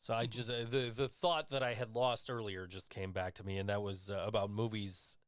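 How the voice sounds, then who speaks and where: A man's voice: lowish voice, steady tone, normal speed, no room sound, studio quality. A man hosting a casual radio show, easygoing and hesitant, with many fillers. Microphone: studio mic.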